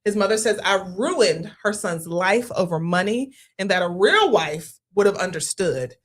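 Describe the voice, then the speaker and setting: Woman podcast co-host, casual and expressive, reads letters with big swings in pitch. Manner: animated, laughs often, reads letter aloud. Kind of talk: casual chat.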